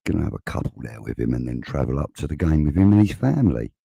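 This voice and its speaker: A man's voice: rumbling low, sing-song, quick pace, vocal fry, mellow, slightly rough, no echo. A man hosting a casual live-stream chat, rambling and reading out viewer comments. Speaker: host. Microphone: video call.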